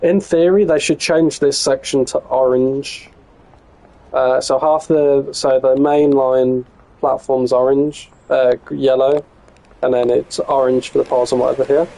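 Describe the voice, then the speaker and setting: A man's voice: mid-range voice, steady tone, a little slow, creaky, dark tone, rough recording. An English man talking casually to himself and his viewers while live-streaming a train game, chatty and muttering with some swearing. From England. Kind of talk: casual gameplay commentary.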